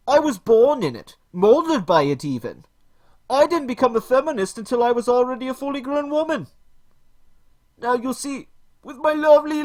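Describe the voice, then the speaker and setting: A man's voice: extremely high pitch, darkish tone, voice pushed up. A man doing a smug grandiose feminist woman. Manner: grandiose, theatrical villain speech. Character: smug self-important female feminist video maker.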